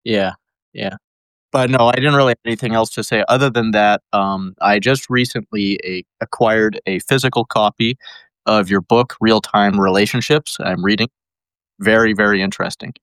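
Male caller, lowish voice, dry sound, halting and full of fillers. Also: steady tone, a bit bright, dry recording. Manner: hesitant, many ums and uhs. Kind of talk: call-in conversation.

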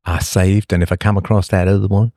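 A man with a low, deep voice hosts a casual livestream monologue, drifting from thought to thought with a sardonic edge. He restarts his sentences often, and the sound is close and dry, with no room around it. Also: level tone, brisk, mellow, dry recording. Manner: rambling, sardonic, with frequent restarts. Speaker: livestream host.

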